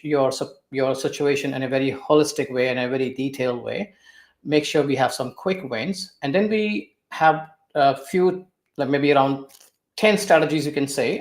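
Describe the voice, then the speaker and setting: A man working as a finance coach, calmly explaining in a conversational way with some nonnative phrasing. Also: a little high, creaky. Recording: roomy echo.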